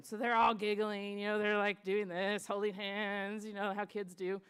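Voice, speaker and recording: A middle-aged woman pastor tells a lively story during a sermon, acting out children's voices and laughing often. Her pitch is medium, her pace normal, and her clean-toned delivery has few pauses.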